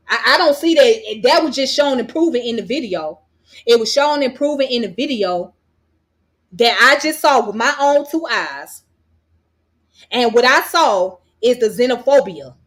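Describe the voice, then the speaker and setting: A woman's voice: on the high side, lively intonation, normal speed, fairly bright tone. An American woman vlogger delivering a heated commentary rant, blunt and profane, hammering her points with repetition. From United States.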